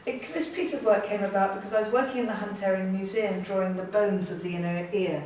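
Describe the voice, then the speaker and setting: A woman speaks as an artist giving an informal gallery talk, chatty and self-deprecating with bursts of enthusiasm. Her voice sits at a middle pitch and carries from some distance off the microphone. A heavy echo from the gallery room hangs around every word. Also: steady tone, brisk, darkish tone, slight background noise. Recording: very echoey room, voice from afar.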